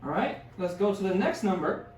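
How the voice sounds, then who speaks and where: A man's voice: sits high, animated, a little fast, darkish tone, slight background noise. A man teaching a classroom language lesson, patiently sounding out words and encouraging his students. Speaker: Spanish teacher. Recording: echoey room, distant mic.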